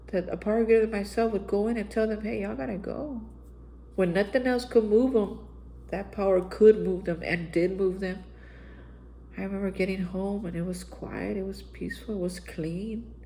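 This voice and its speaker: An earnest woman from Texas tells a personal recovery story as a channel host, voicing her own past lines as she goes. Her pitch sits in an ordinary middle range. A faint hum of ambience lies under her voice. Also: dark tone, low-quality recording. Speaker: host of a daily reflection channel.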